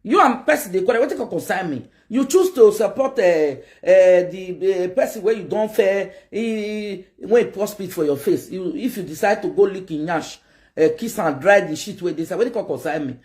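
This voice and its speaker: A Nigerian woman with a Nigerian accent, ranting to her viewers in a rambling, animated way and mixing pidgin with local-language phrases. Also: mid-range voice, moderate pace. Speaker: online video host. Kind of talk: casual rant to camera.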